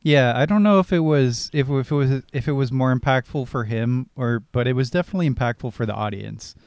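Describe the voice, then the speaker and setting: A man's voice: mid-range voice, a little fast, darkish tone, clean tone, dry recording, clean studio sound. A man co-hosting a podcast, chatting casually about a film and prompting the others to talk. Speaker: podcast co-host.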